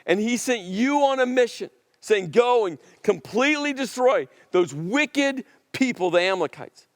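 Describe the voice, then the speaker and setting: Samuel, a preacher voicing a stern prophet. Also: male voice, very high voice, animated, unhurried, no room sound, studio quality, big-room sound, pitched above the performer's own voice. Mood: rebuking. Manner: indignant, forceful. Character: stern old prophet rebuking a king.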